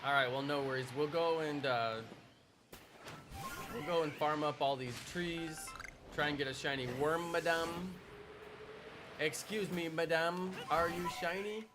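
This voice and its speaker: A man's voice: fairly high pitch, steady tone, measured pace, long pauses. A man in his thirties giving chatty, playful live-stream commentary while he plays a game and jokes with his viewers. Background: game music.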